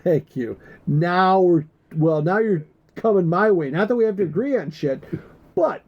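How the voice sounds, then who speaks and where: A man's voice: sits high, lively intonation, normal speed, lo-fi sound. A man co-hosting a podcast in casual chat, joking and teasing and swearing freely. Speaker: podcast co-host.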